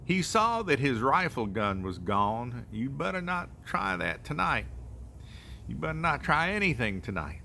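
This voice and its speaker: A man's voice: mid-range voice, big pitch swings, a little slow, vocal fry, pushed and bright, slight background noise, heavily acted. An older man voicing the giant's old wife in a folk tale, scolding in a homespun way. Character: bossy old giant's wife, scolding but soft-hearted.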